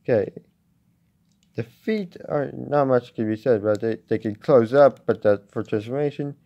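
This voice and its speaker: A man casually reviewing a toy at home, talking in a halting way with many restarts. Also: mid-range voice, warm tone, highs cut off. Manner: halting, with frequent restarts and fillers.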